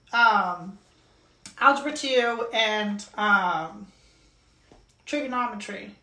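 A woman co-hosting a podcast, chatting in a rambling, relaxed way with lots of fillers. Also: fairly high pitch. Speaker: podcast co-host. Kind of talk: casual chat. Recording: echoey room.

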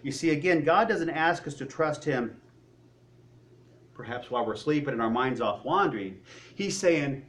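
A man's voice: on the high side, lively intonation, moderate pace, pauses often, a bit bright, a little hiss or hum. A man preaching a sermon, acting out the voices of worried people and of God as he goes.

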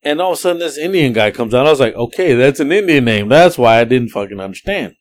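A man, a podcast co-host telling rideshare driving stories in a profane, animated way, acting out the quotes. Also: mid-range voice, fast talker. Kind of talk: casual storytelling chat.

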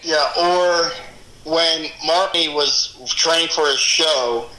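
Bright-voiced laughing man, roomy sound. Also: on the high side, fairly even intonation, takes it slowly. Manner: swearing, laughing storyteller. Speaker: former club DJ, guest. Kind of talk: casual reminiscing chat.

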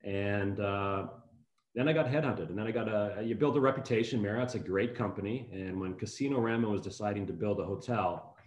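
With a lowish voice and a fairly quick delivery, a man in his fifties, a hotel executive, talks as a guest in a casual interview. He's friendly and rambling, restarting often, and the room echoes.

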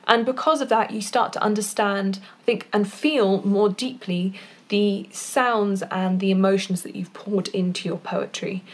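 A woman voice actor talks through performance advice in an easy, conversational manner. She is informal, with relaxed fillers. Her pitch sits at an ordinary middle level for a woman. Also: unhurried. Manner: chatty, with fillers and small laughs, demonstrating vocal exercises. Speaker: voice actor and poet giving tips. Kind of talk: casual instructional talk.

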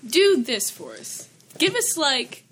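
Bright, lively young woman co-host. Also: high-pitched, takes it slowly, a little hiss or hum. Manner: animated, bursts of incredulous squeals. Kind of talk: casual chat.

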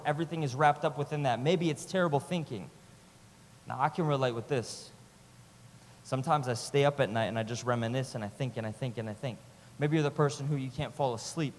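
Passionate preacher in a reverberant hall. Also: male voice, mid-range voice, a little hiss or hum. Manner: passionate, swings between loud urging and quiet intimacy; repetitive rhythmic phrasing. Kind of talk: sermon.

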